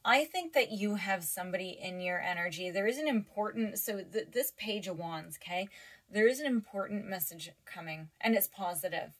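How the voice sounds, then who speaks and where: A woman reads tarot cards for her viewers in a casual, chatty way, full of fillers and restarts. She is teary and emotional as she talks, her voice sitting at a middle pitch. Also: lively intonation, normal speed, fairly bright tone. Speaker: tarot reader.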